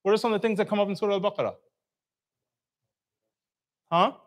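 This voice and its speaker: Guy giving a chatty talk to a crowd, kinda higher voice, keeps asking the room questions. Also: fast. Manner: conversational, asks the audience questions, acts out reactions. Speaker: speaker at a community talk. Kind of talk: informal religious talk to a live audience. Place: event hall.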